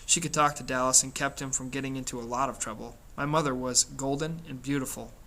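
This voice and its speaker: A man's voice: mid-range voice, fairly even intonation, quick pace, sharp tone. A man reading a novel aloud in a plain storytelling way, with small slips and restarts. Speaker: reader.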